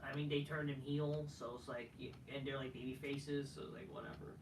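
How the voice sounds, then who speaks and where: A man's voice: mid-range voice, level tone, a little fast, roomy sound, far from the mic, background noise. A man reviewing a wrestling show in a casual, profane, dismissive rant that often trails off.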